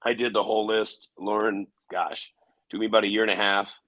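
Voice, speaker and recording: A man with a fairly low voice recounts his past in a casual interview. He talks haltingly, with restarts and filler words. The recording is dry and close. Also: level tone, fairly bright tone, dry recording, rough recording. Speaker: interview guest.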